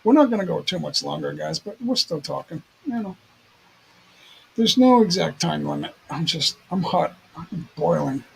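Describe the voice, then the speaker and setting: A man's voice: a little high, lively intonation, moderate pace, creaky, husky, rough recording. A man hosting a livestream in casual chat, rambling and repeating himself. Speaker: livestream host.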